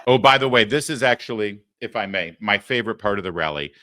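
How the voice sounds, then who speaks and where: A man's voice: fairly low pitch, lively intonation, fast talker, crowd noise, background noise. Sarcastic male talk show host. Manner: sarcastic, mocking. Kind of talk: political commentary.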